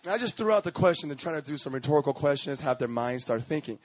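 A male pastor preaching a sermon, telling stories in a lively, slangy way and often laughing as he talks. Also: on the high side, fast talker, no echo. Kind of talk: sermon with storytelling.

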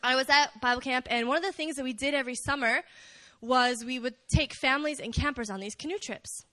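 A young woman preaching casually at a prayer meeting, animated and chatty, joking with the listeners. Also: sits high, a little fast, dry recording. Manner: animated, chatty, jokes with the crowd. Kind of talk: casual sermon.

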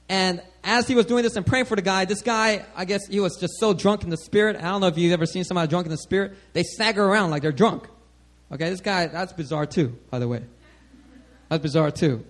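High-voiced man preaching a lively sermon. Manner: animated, checks in with "all right?" often. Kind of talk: sermon teaching.

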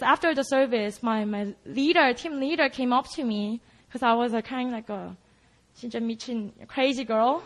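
A young woman, an intern pastor from South Korea, telling a lively testimony in a sermon and mixing in words. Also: high-pitched.

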